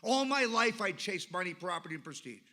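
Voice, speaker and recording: A man's voice: sits high, lively intonation, brisk, sharp tone. A man giving a personal recovery talk at a meeting, telling stories emphatically with repeated lists. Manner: emphatic storytelling with lists and repetition.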